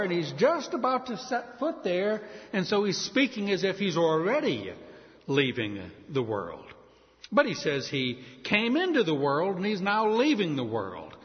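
A man preaching a sermon, teaching through a Bible passage verse by verse with conversational asides. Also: on the high side. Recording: echoey hall, dull lo-fi sound.

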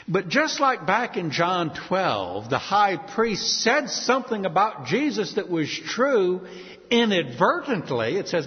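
A man preaching a sermon with emphatic, dramatic delivery and slow, stressed repetitions. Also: high voice. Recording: reverberant hall, dull lo-fi sound.

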